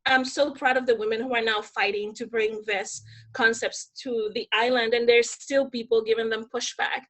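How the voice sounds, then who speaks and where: Animated, high-voiced Dominican woman. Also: normal speed. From Dominican Republic. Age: young adult. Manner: animated, acts out quoted voices. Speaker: podcast guest. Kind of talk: casual storytelling interview.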